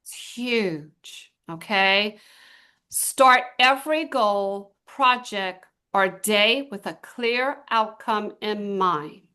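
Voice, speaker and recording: A middle-aged woman giving a motivational talk to a small group, telling stories with emphatic, drawn-out stresses. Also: mid-range voice, pushed and bright, clean tone. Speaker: team trainer.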